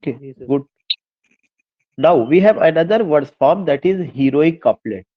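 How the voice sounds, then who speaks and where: A man's voice: on the high side, expressive, unhurried, narrow, tinny audio. A male literature teacher with an Indian English accent lecturing an online class, repeating points, asking rhetorical questions and mixing English with Hindi. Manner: switches between English and Hindi.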